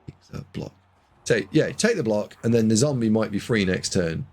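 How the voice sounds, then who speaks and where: A man casting a video game match, excitable, jumping from loud shouts to muttered asides. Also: on the low side, moderate pace. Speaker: game caster.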